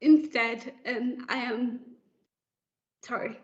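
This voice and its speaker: Young woman reading a thank-you speech; slow and halting, a little choked up, dull sound. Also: on the high side, steady tone. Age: young adult. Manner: tearful, halting, with many fillers. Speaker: young care leaver addressing the board. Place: council meeting room. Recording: slightly muffled livestream audio.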